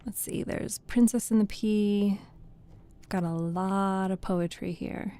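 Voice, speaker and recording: Slow, dark-toned woman reading softly. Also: medium pitch, fairly even intonation, clean tone. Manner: soft-spoken, rambling between readings. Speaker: storytelling streamer. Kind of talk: soft bedtime reading and chat.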